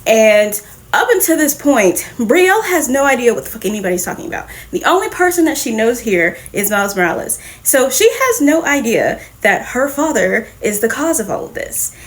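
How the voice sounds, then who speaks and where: A woman hosting a casual comic book review, retelling the story in a lively, profane way with quick laughs. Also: fairly high pitch. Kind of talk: casual recap and reaction.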